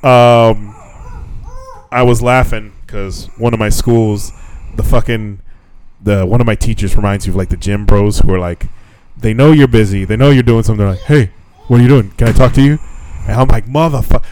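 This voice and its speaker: A man co-hosting a podcast in casual chat, telling stories with lots of swearing and squeaky voices when quoting people. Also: fairly even intonation, moderate pace, darkish tone, slight background noise, poor audio. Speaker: podcast co-host.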